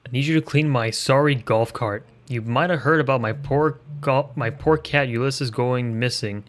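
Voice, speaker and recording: A man voicing a pompous, boastful male mayor in a video game, speaking slowly and drawn out. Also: medium pitch, natural voice.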